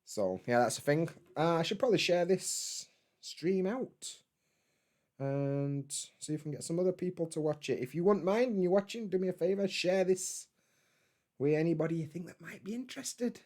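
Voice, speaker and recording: A man's voice: fairly high pitch, lively intonation, moderate pace, darkish tone. A man, hosting a casual live stream from home, rambling in a laid-back way, swearing freely and answering chat.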